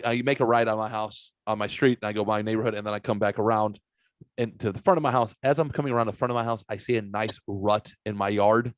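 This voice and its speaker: A man's voice: lowish voice, no room sound. Profane rambling male podcast host. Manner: profane, rambling anecdotes, mimics others' voices. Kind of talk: casual podcast chat, storytelling.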